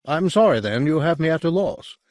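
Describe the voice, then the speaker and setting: A man's voice: on the high side, animated, a little fast, a little mellow, no room sound, clean studio sound, voice pushed up, close to an everyday voice. A man voicing a young, embittered male theatre director who asks raised, indignant questions. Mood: polite.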